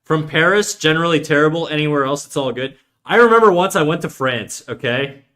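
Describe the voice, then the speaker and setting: A young man from Canada, speaking with a Canadian accent in a fairly high, fairly quick, fairly bright voice, draws on stream while chatting casually. He rambles, cracks jokes, tells stories, and swears freely.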